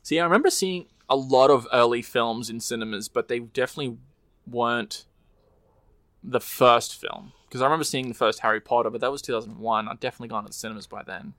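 A man's voice: medium pitch, quick pace, fairly bright tone, no room sound. A man co-hosting a casual podcast chat, rambling easily and often quoting movies. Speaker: podcast co-host. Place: home room.

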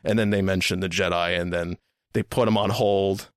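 A man's voice: sits low, steady tone, normal speed, clear, resonant tone, no echo, studio quality. A man hosting a podcast, telling a story in a rambling, casual way, repeating words and swearing now and then. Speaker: podcast host.

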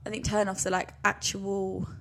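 Young woman with a gravelly edge. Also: medium pitch, moderate pace. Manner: agreeable, giggly, animated. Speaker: podcast co-host. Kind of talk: casual chat.

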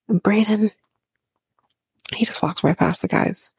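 A woman's voice: fairly low pitch, fairly even intonation, measured pace, gravelly, pauses often, darkish tone, breathy edge, dry recording. A woman giving a whispered reality TV recap in a casual, profane way, laughing now and then as she talks.

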